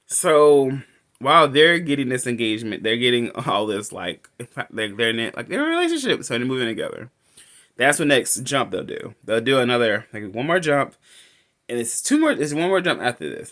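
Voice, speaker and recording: A man's voice: medium pitch, fairly bright tone. A man casually recapping a film as a reviewer, rambling and restarting his sentences. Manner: rambling, restarts often, laughs between lines. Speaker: movie reviewer.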